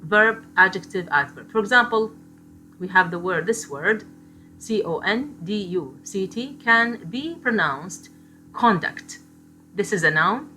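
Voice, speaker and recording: Bright-voiced woman teaching phonetics. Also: medium pitch, animated, faint music behind. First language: Arabic. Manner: explains slowly, repeats example words, switches into Arabic asides. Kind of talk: phonetics lecture.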